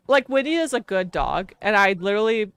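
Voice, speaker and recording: A woman's voice: medium pitch, expressive, brisk, a bit bright, smooth, no echo. A woman streamer telling a long casual story while gaming, chatty and full of fillers, laughing often.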